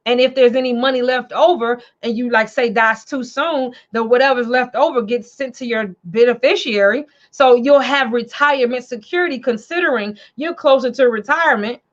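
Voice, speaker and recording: A high-voiced woman from Chicago hosts a casual livestream, chatty and animated, circling back over the same words again and again. The sound is dull and lo-fi, like a home stream. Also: normal speed, hardly any pauses. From Chicago, USA. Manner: animated, chatty, repeats phrases. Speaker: show host and financial coach.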